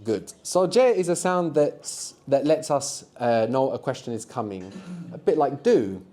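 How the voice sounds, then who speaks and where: A man's voice: mid-range voice, expressive, unhurried, mellow. A man teaching a live language workshop in a classroom, encouraging the group and quizzing them with frequent tag questions. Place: classroom with students.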